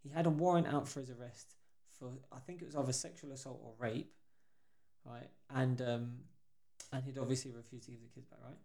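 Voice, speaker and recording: A young man with a medium-pitched voice speaks a little fast while co-hosting a casual podcast chat. He tells stories animatedly, acting out the quotes of the people involved.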